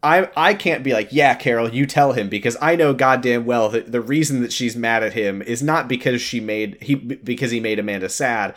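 A man's voice: medium pitch, normal speed, few pauses. Man animatedly retelling a show. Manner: animated retelling, acting out characters' lines. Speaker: podcast co-host. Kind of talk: casual recap chat.

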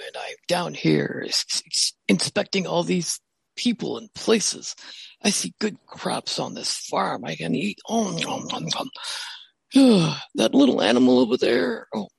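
A woman voicing a big, gentle escaped bull elephant who talks slowly and contentedly, with a gravelly, raspy voice. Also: deep voice, expressive, no room sound, exaggerated voice, poor audio. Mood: content.

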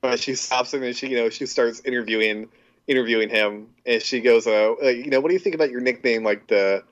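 A man's voice: mid-range voice, brisk, highs cut off. A man co-hosting a podcast, talking casually about movie scenes, hesitant and searching for words. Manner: hesitant, many fillers and restarts. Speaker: podcast co-host.

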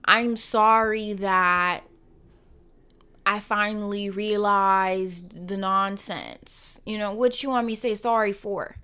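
A woman's voice: mid-range voice, fairly even intonation, slow, clear, resonant tone. Emphatic woman podcast host, near-whispers. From Caribbean. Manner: emphatic, rhetorical, dropping to soft near-whispers. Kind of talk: personal monologue podcast.

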